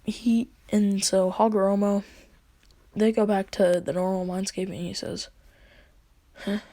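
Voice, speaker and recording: A woman casually retelling a fan story in a rambling way, with fillers and hushed asides. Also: medium pitch, little pitch movement, unhurried, no room sound.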